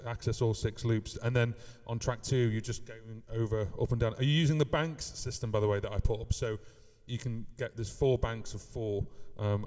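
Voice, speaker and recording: A man's voice: mid-range voice, a little mellow, in a large hall. A man from the UK teaching live looping in a casual live stream, rambling with many fillers and beatboxing now and then. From United Kingdom.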